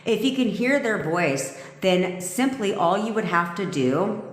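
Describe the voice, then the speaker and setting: A woman's voice: medium pitch, animated, measured pace, a little hiss or hum. A woman manifestation coach talking to her live stream audience, blunt and emphatic, swearing freely. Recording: echoey room with long reverb.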